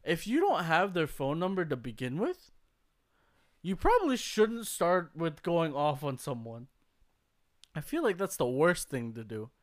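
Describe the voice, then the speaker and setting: A man's voice: on the high side, big pitch swings, a little slow. A young man telling a story in casual podcast chat, swearing freely and acting out the voices of the people he quotes. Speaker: podcast co-host.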